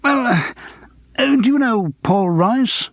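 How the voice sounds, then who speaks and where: A man voicing an effusive television producer who talks in halting bursts. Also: extremely high pitch, lively intonation, no echo, voice pushed up, exaggerated voice. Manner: effusive, halting, full of ums.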